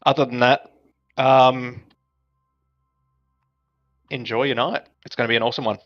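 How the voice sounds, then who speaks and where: A man's voice: mid-range voice, steady tone, normal speed, highs cut off, faint music behind. Man giving a race briefing. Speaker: race director. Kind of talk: race briefing over voice chat.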